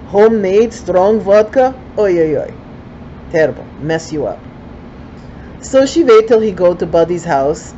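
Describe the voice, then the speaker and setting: A woman's voice: medium pitch, mellow, highs cut off, a little hiss or hum. An older woman with a Ukrainian accent telling a folksy story in broken English, with chatty asides.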